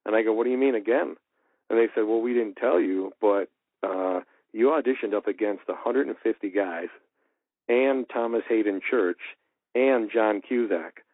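A man telling a story as a voice actor in an interview, lively and acting out the lines he quotes. His voice sits a little low and comes over a tinny, phone-like line. The sound is dry and close. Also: no room sound. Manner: animated, acts out quoted dialogue. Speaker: voice actor guest.

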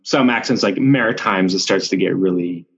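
Low-voiced man in casual podcast chat. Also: moderate pace, slightly rough, muffled recording. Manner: relaxed, rambling, with frequent restarts and fillers. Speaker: actor, podcast guest. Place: Vancouver.

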